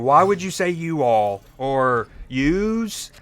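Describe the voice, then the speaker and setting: A man's voice: fairly high pitch, big pitch swings, takes it slowly, a bit bright. Laid-back streamer guy. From Georgia, US. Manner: laid-back, joking, chatting with chat while playing. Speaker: game streamer. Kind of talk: casual live-stream chat.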